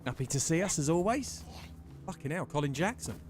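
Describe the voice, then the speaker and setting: A man talks casually through a live game stream, his pitch swinging widely as he chats. He greets viewers by name and swears freely along the way. A faint hum of ambient sound sits behind him. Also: animated, a little fast. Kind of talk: casual live-stream chat while gaming.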